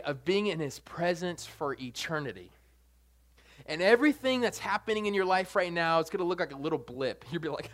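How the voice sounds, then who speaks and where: A man preaching a sermon in an animated, jokey way, swinging between soft and loud. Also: a little high, a little fast.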